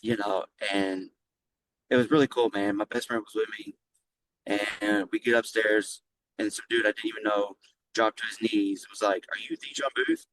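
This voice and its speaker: A middle-aged man who owns a flooring business, telling stories lively and casually in an interview, swearing freely. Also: lowish voice, normal speed, slight background noise, rough recording. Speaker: guest, flooring business owner.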